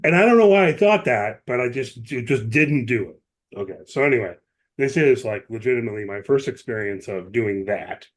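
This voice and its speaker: A man's voice: mid-range voice, lively intonation, normal speed. A man co-hosting a podcast, explaining at length in casual chat, with many asides and restarts. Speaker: podcast co-host.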